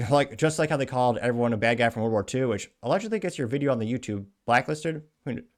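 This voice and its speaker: A man hosting a political commentary show, giving his opinions and reading viewer comments aloud with sarcastic asides. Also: medium pitch. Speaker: host.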